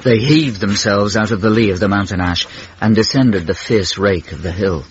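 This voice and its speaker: A man's voice: fairly low pitch, normal speed, noisy background. A man narrating a radio comedy drama in a dry, wry storytelling manner. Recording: muffled old radio.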